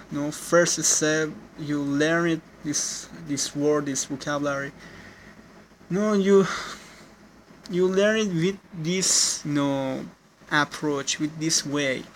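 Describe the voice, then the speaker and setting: A man with a slightly high voice gives casual feedback on someone's speaking, his English phrasing clearly non-native. He talks slowly and haltingly, breaking off and correcting himself again and again with "no." Faint background noise sits behind him. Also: poor audio. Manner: halting, frequent restarts and self-corrections with "no". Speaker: listener giving speaking feedback.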